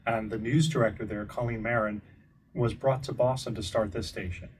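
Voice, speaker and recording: A man's voice: medium pitch, fairly even intonation. Fifty-something guy, ex-weatherman being interviewed, easygoing and chatty, mic a bit far off. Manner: chatty, easygoing, quick to laugh. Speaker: guest, longtime TV meteorologist. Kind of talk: casual interview. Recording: distant mic with faint background noise.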